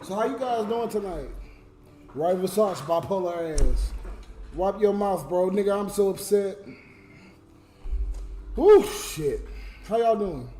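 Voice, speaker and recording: A man's voice: high-pitched, lively intonation, slow, pauses often, warm tone. A drunk man livestreaming as a comedian, talking to his viewers in a raw, emotional rant. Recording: roomy echo with music behind.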